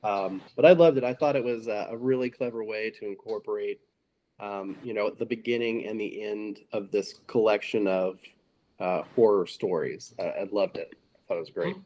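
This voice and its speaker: A man co-hosting a podcast who talks casually and haltingly about a film, with many fillers. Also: on the low side, mellow. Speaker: podcast co-host.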